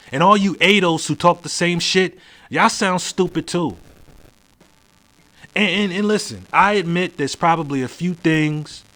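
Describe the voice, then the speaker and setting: A man hosting a solo podcast, ranting bluntly and swearing freely as he fires off one rhetorical question after another. His voice sits a bit higher than most men's, and he drops low and mutters his asides. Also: a bit bright. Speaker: podcast host.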